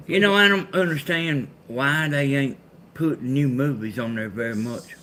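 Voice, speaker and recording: A man's voice: medium pitch, normal speed, sharp tone, slight background noise. Laid-back Southern man, country drawl. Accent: Southern US (Georgia). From Georgia, US. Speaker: co-host of a live chat stream. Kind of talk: casual chat with viewers.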